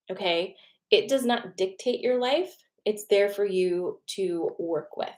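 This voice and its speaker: A woman hosting a casual card reading, chatty and encouraging, often checking in with okay and right. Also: mid-range voice. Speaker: tarot card reader and host.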